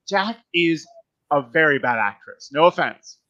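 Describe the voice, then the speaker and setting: A man's voice: on the high side, big pitch swings, normal speed, fairly bright tone. A man hosting a live discussion show, playful and swearing casually as he talks. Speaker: host. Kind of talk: casual podcast chat. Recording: dull lo-fi audio.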